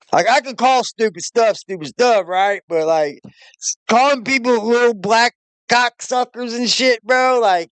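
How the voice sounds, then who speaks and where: A man's voice: very high voice, a bit bright, clean tone, dry recording. A man hosting a reaction show, casual, profane and mocking, laughing often. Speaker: reaction channel host.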